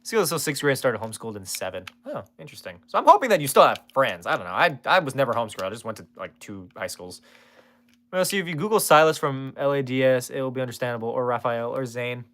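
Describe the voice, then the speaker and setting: Male streamer, casual live chat, bright forceful tone, rambling and profane, bouncy delivery. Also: medium pitch, sing-song, fast talker. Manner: rambling, swears freely, jokey asides to chat.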